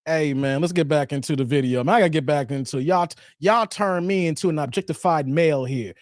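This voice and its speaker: A man's voice: on the high side, quick pace, no room sound. A man banters playfully with his viewers. He laughs often and keeps coming back to "hey, man." The sound is close and dry, with no room around it. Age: 40s. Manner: animated, repeats "hey, man". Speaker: YouTube host. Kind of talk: casual live-stream chat reading viewer comments.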